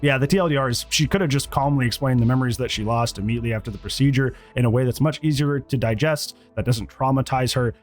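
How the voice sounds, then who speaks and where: A man giving a casual, rambling review of a TV episode, animated and acting out bits of dialogue. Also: mid-range voice, quick pace, hardly any pauses, soft background music. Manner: animated, rambling, acts out quotes. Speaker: TV show reviewer.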